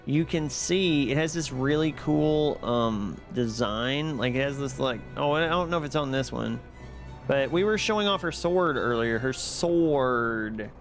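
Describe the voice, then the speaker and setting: A man streaming live, chatting casually and excitably with his viewers while playing a game. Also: medium pitch, moderate pace, soft background music. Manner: excitable, chatty, reads and answers chat.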